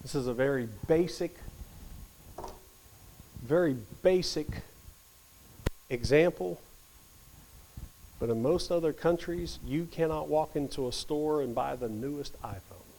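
A man leading a Bible study, reading scripture aloud and teaching with animated emphasis that drops at times to a near whisper. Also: a little high, a little slow, pauses often, a little hiss or hum, poor audio.

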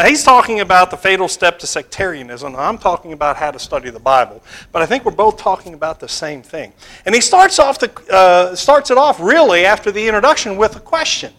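A man teaching a Bible class, putting questions to the students and pausing with fillers. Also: sits high, pushed and bright.

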